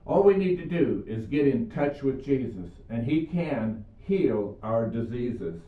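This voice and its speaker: A man's voice: medium pitch, sing-song, measured pace. Older guy preaching earnestly, roomy far-off sound. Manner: earnest storytelling with scripture. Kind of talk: video sermon. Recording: echoey room, far mic, phone-like sound.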